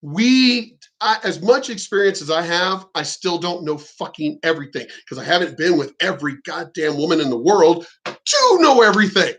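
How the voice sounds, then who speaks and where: A man speaks in a casual reaction-commentary style, his voice sitting a bit high for a man. He is blunt and profane, telling his story in a frank, unpolished way. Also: very animated, normal speed, fairly bright tone, poor audio.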